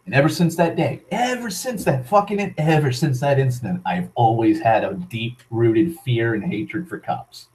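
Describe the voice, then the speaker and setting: A man's voice: mid-range voice, moderate pace, few pauses, darkish tone, low-quality recording. A man ranting as he tells a personal story, swearing constantly, heated and full of restarts. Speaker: vlogger. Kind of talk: rambling personal storytelling rant.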